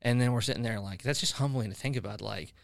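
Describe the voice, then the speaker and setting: Speaking quickly in a creaky, mid-range voice, a male podcast host talks casually about faith with his guests, telling long rambling stories with many fillers and restarts. The audio is studio quality with no echo.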